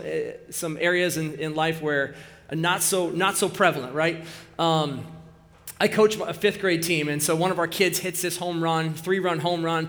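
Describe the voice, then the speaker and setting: A middle-aged man giving a sermon, joking and telling animated stories, in a hall with some echo. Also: high voice. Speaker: speaker at a church service.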